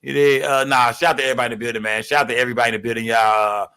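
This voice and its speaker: A young man hosting a casual livestream, rambling and profane, giving constant shout-outs to his viewers. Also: mid-range voice, little pitch movement, racing, clear, resonant tone. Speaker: livestream host.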